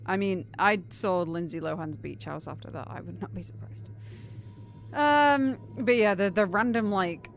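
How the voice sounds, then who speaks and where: A young British woman chatting casually on a game live stream, animated and incredulous, laughing often. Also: medium pitch, unhurried.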